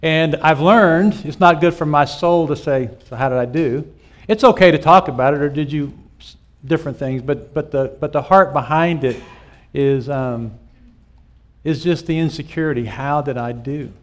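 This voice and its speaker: A man's voice: fairly high pitch, moderate pace. A middle-aged man, a pastor, giving a conversational teaching talk to small group leaders at a live church meeting. He tells stories and puts rhetorical questions to his listeners. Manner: storytelling, with rhetorical questions to the audience.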